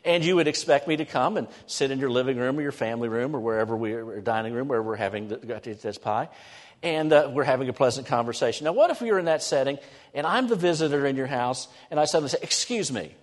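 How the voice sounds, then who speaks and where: A middle-aged male pastor preaching a conversational, animated sermon in a church, swinging between lively emphasis and soft, prayerful asides. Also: mid-range voice, fast talker, long reverb tail. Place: church sanctuary.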